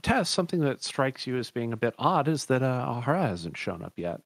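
A man's voice: mid-range voice, big pitch swings, fairly quick, creaky, no room sound, clean studio sound. A man narrating a tabletop game as dungeon master, rambling and correcting himself as he describes things.

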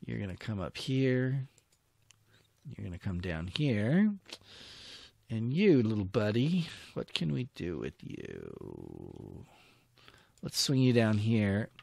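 Slow-talking man muttering through a war game. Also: lowish voice, very animated, vocal fry, darkish tone. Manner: muttering, self-talking, grumbling at setbacks. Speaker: gameplay commentator. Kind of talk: strategy game let's play commentary.

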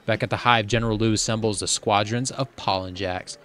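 A man's voice: lowish voice, steady tone, a little fast, few pauses, fairly bright tone. A man reading a film script aloud for comedy, playing each part in nearly the same voice and breaking into mock panic now and then. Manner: reads every part in a barely changed voice with bursts of mock panic. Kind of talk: comic script read-through.

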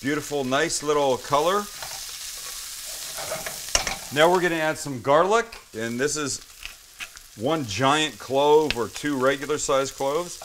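A cooking show host leads a casual demonstration, chatty and enthusiastic as he walks viewers through each step. His voice is a little high and a little slow, with background noise present.

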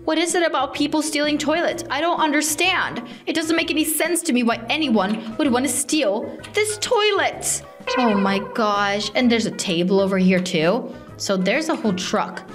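Excitable woman narrating her gameplay. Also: high-pitched. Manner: excitable, exclaims often, talks to other players. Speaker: gaming channel host. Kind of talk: playful gameplay commentary. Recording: light background music.

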